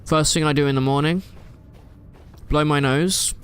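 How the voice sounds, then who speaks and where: A man's voice: fairly high pitch, fairly even intonation, normal speed, clear, resonant tone. A man chatting casually while streaming a game live from his room at home, rambling and answering chat with plenty of fillers.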